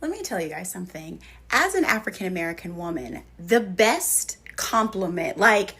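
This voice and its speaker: A woman chatting to camera in an animated, playful way, acting out what people say to her. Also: fairly low pitch, normal speed, husky. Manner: animated, playful, acts out quotes. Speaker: social media commentator. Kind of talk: casual chat to camera.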